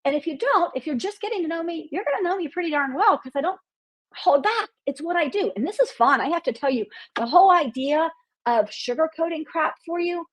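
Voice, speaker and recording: A woman's voice: extremely high pitch, animated, fairly quick. A woman hosting a marketing podcast, speaking bluntly with profanity and a fired-up, outspoken manner.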